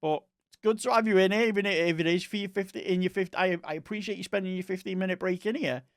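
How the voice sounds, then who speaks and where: A man's voice: sits high, quick pace, no room sound, studio quality. A young man with an East Scottish accent, chatting casually with viewers on a live stream, rambling and friendly with chat. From Scotland.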